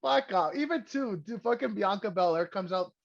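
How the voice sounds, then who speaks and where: A man's voice: high voice, expressive, fairly quick. A man co-hosting a casual podcast, rambling and sarcastic, cursing freely. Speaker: podcast co-host. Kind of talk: casual wrestling recap chat. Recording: dull lo-fi sound.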